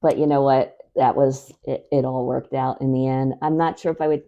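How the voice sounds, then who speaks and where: Woman, co-host, deep voice for a woman, casual agreeable chatter. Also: flat delivery, moderate pace, highs cut off. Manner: short agreeing remarks, laughs easily. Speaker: podcast co-host. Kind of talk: casual chat.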